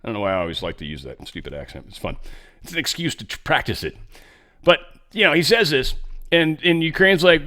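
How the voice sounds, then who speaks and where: A man's voice: on the high side, big pitch swings, fairly quick, bright, forceful tone. A man hosting a casual political commentary monologue, blunt and rambling, often stammering and repeating words. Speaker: host.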